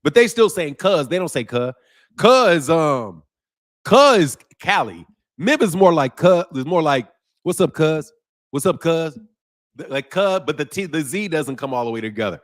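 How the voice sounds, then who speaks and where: A man's voice: fairly high pitch, big pitch swings, normal speed, a bit bright. A man from Chicago hosting a casual livestream, talking in loose slang, laughing often and imitating regional greetings. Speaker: boxing channel host. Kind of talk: casual livestream chat with viewers.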